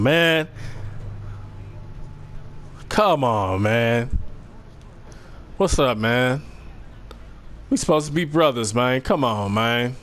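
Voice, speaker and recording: A young man giving casual, slangy, excitable commentary over a basketball video game, trash-talking the players. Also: mid-range voice, smooth. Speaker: gaming commentator.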